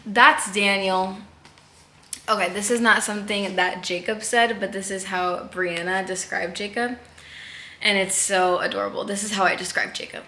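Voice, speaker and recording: A woman's voice: mid-range voice, steady tone, normal speed, sharp tone, reverberant, a little hiss or hum. A young woman chatting casually to camera about books she loved, gushing and laughing often. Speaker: book vlogger. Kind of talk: casual book chat to camera.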